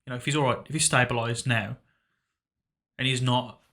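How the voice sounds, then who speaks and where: A young man on a podcast, recounting a painful memory in a halting, reflective way, often trailing off quietly. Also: medium pitch, steady tone. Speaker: podcast co-host. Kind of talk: casual emotional conversation.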